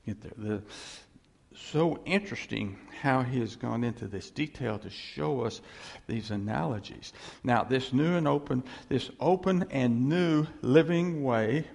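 A man's voice: medium pitch, measured pace, gravelly, darkish tone, in a large hall. A man preaching a sermon on scripture, emphatic and repetitive, asking the congregation for responses. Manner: emphatic, repeats phrases, calls for audience response.

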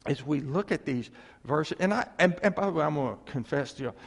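A pastor with a slightly high voice preaches fairly quickly, sounding like he is in a big room. His sermon is animated, he dramatizes quotes, and he prompts the congregation for replies.

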